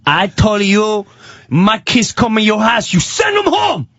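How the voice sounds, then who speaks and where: A man's voice: a little high, huge pitch swings, normal speed, no echo. A hot-tempered middle-aged pizza shop owner, as a man puts him on while telling a story, barking threats at full volume. The sound is dull and lo-fi, like a radio studio feed. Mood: furious. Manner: shouting, threatening.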